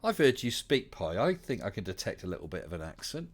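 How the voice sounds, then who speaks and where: A man's voice: sits low, big pitch swings, quick pace, slight background noise. A man with an English West Country accent hosting a casual livestream chat, chatty and welcoming, with many fillers. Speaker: livestream host.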